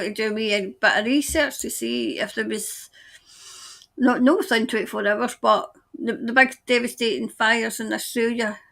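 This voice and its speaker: A woman giving a tarot-style psychic reading, musing aloud in a halting way as she trails off and starts her sentences over. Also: fairly high pitch, creaky, a bit bright. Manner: speaks of seeing and hearing things. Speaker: tarot reader. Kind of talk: intuitive psychic reading monologue.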